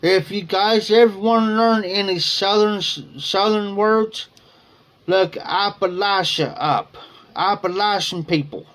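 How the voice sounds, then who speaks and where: A man's voice: high voice, a bit bright. A man from Ohio hosting a livestream, telling rambling folksy stories full of slang and chuckling as he goes. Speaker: livestream host. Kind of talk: casual storytelling chat. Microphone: streaming setup microphone.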